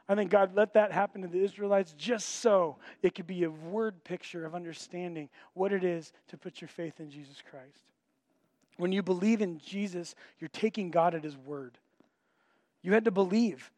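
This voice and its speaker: A pastor with a high voice preaches a sermon at a normal pace, animatedly telling a story and acting out the voices of the people in it. The recording is dry.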